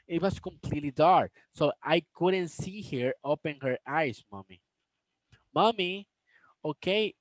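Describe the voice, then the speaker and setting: A man reads a novel aloud at a slow, deliberate pace, sometimes tripping over words and starting them again. His voice sits fairly high, and it is recorded dry and close, with no echo. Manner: slow, careful reading with stumbles and restarts. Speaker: storybook reader. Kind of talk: reading a novel aloud with asides to viewers.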